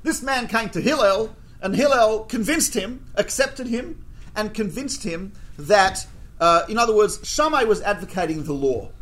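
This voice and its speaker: A man's voice: sits high, moderate pace. A man teaching a class as a rabbi, telling stories with jokes and acting out the quoted exchanges. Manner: animated, jokey, acts out quoted exchanges. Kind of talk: humorous storytelling lecture.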